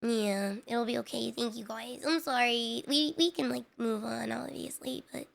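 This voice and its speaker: Rambling high-voiced woman streamer, gravelly. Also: fairly even intonation, normal speed, slight background noise. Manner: rambling, filler-heavy, self-deprecating. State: frustrated. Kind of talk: casual live-stream chat.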